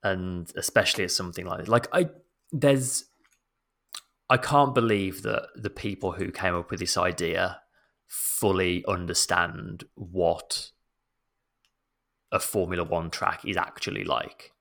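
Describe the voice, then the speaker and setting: A man's voice: low-pitched, a little slow, creaky, fairly bright tone. A man co-hosting a casual podcast, earnest and a little exasperated. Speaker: podcast co-host. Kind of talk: casual chat.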